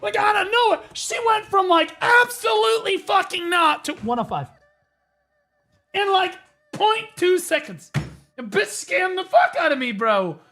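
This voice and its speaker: A man's voice: very high-pitched, expressive, unhurried, sharp tone, faint music behind. A young man streaming, telling a story to his viewers in a casual, profane way full of fillers.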